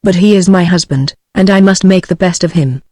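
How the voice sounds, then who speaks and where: A text-to-speech woman with a British accent voicing a calm, cool young Munchkin woman in a storybook, in an even synthetic voice. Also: lowish voice, brisk, lightly acted. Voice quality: smooth synthetic reading voice.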